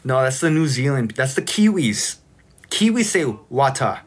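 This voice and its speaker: A man hosting a casual livestream, chatting and teasing his guests in a playful, animated way. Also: mid-range voice, normal speed. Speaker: livestream host.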